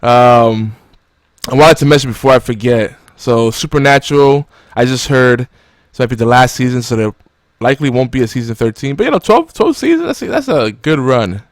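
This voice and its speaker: A man's voice: mid-range voice, moderate pace, no room sound, studio quality. A man hosting a casual podcast, rambling and joking with many fillers. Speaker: podcast host.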